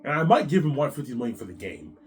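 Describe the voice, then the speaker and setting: A man's voice: mid-range voice, very animated, quick pace, darkish tone. A man hosting his own show, talking in a rambling, boastful and repetitive solo monologue, with a cough now and then. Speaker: show host.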